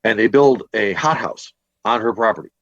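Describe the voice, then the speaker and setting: A man's voice: lowish voice, moderate pace, vocal fry, no room sound, dull audio. A man from Northwest Indiana telling a long ghost-hunting story in a podcast interview, rambling with lots of fillers and restarts. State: a bit worn from a day of teaching. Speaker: paranormal investigator and teacher guest.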